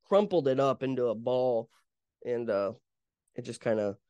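A man's voice: medium pitch, expressive, moderate pace, mellow, dry recording, dull audio. A young man hosting a podcast, retelling an event in a casual, rambling way with many fillers and restarts. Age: young adult. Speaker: podcast host. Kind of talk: casual storytelling monologue.

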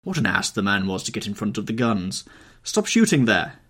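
A man voicing a brusque, hot-tempered country gentleman who speaks in a loud, blustering way. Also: lowish voice, fairly even intonation, fast talker, breathy edge. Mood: angry.

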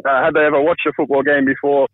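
A man's voice: on the high side, level tone, fast talker, no echo. A man in his thirties calling in by phone, telling a funny family story in a chatty, self-deprecating way. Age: 30s. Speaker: caller telling a viral story. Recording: tinny phone line, dry.

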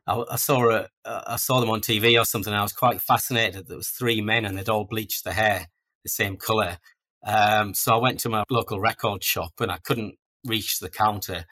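A man's voice: lowish voice, sharp tone. A man, chatting about his life in a casual podcast interview in a chatty, self-deprecating storytelling way. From North East England. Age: 40s. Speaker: guest author.

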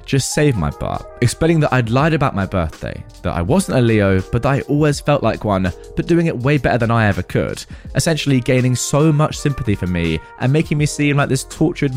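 A man narrates an online post in a conversational, storytelling manner, his pitch swinging widely as he reads. He drops in wry asides of his own between passages. Faint music plays quietly under his voice. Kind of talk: reading a forum post aloud with commentary.

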